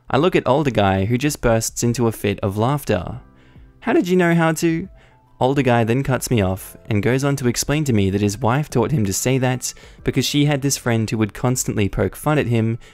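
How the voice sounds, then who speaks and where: A man narrating online stories in a scripted, wry, deadpan comic style. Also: medium pitch, no room sound. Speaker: story narrator.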